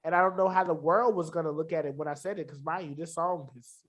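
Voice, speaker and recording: A man speaking as a podcast guest with a bright, forceful voice. He talks candidly and reflectively in casual conversation and often circles back and restarts his thoughts, recorded in an indoor studio. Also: on the high side, steady tone, quick pace. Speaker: musician guest. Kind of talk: casual interview.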